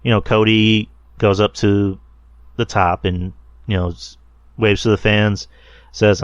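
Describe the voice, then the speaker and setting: A man's voice: fairly low pitch, level tone, slow, clean tone, dry recording, dull audio. A man hosting a solo podcast, rambling casually with lots of fillers and the odd swear word. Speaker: podcast host reviewing wrestling.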